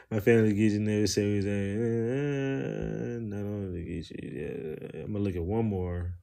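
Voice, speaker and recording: A man talks loosely on a live stream, rambling, full of slang and swearing. His voice sits a bit low, and he chats to his viewers as he goes. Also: normal speed, vocal fry, mellow. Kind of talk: casual live stream talk.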